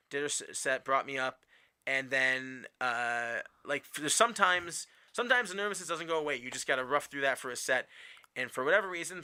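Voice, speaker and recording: A man's voice: medium pitch, bright, forceful tone, clear, resonant tone. A man from Wisconsin, a stand-up comedian, telling stories in casual chat, rambling with many fillers and restarts and acting out what people said. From Wisconsin, USA.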